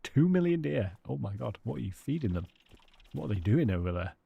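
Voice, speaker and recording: A man's voice: mid-range voice, very animated, fairly quick, creaky, husky, muffled recording. A British man live-streaming a hunting game, chatting casually with his viewers and greeting them by name.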